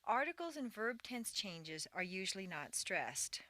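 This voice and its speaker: Lively, bright-voiced woman reading a lesson. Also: medium pitch, no room sound. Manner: clear, deliberate, exaggerated intonation for drills. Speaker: English pronunciation teacher. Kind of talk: scripted audio lesson narration.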